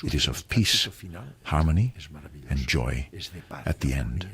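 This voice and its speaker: Older man, very low voice, calm earnest interview guest, reassuring tone. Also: measured pace. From Spain. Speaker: interview guest, retired surgeon. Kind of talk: interview answers.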